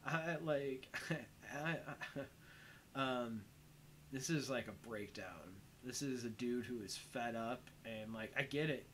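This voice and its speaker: A young man talks through a movie at an unhurried, drawn-out pace, in a middle-pitched voice. His delivery is loose and rambling, padded with "um" and "like," and a faint room ambience sits behind him. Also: slight background noise, rough recording. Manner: rambling, heavy on fillers like "um" and "like". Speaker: movie commentary host. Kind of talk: casual film commentary.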